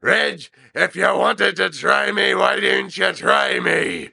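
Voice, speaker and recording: A man voicing a gruff old father who gets irritated on a phone call, folksy and blustery. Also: mid-range voice, steady tone, normal speed, bright, forceful tone, heavily acted.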